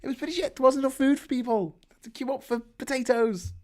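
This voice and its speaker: A man with a British accent delivering a sweary, animated political rant as host, laughing between points. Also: extremely high pitch, fast. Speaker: podcast host.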